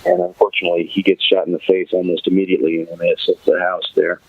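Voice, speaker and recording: Deep-voiced man, dull lo-fi sound. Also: fairly even intonation, quick pace, vocal fry. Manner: rambling, thinking aloud with many fillers. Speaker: podcast host. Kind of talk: casual recap of a TV episode.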